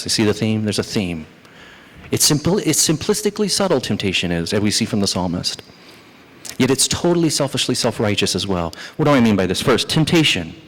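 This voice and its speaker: A male pastor preaching a sermon, lively and animated, who acts out the psalmist's complaints as he goes. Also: lowish voice. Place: church sanctuary. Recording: church hall reverb.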